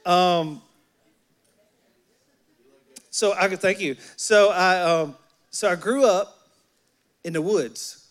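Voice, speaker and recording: Southern US pastor, male, higher voice, folksy and playful, preaching live to a congregation in church. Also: slow. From Alabama. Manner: folksy, joking, talks directly to the congregation. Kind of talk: sermon. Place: church sanctuary.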